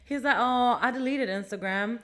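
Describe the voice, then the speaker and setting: Animated young woman telling stories. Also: fairly high pitch, normal speed. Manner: animated, acts out dialogue in her stories, swears casually. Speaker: podcast co-host. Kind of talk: casual storytelling chat.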